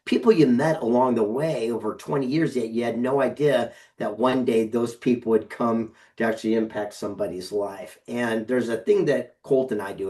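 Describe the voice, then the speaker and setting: A middle-aged man from San Diego, an inspirational speaker telling stories animatedly on a video call, with frequent restarts. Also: mid-range voice. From San Diego, California. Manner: animated storytelling with repeated starts. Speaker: guest speaker. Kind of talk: casual video call chat.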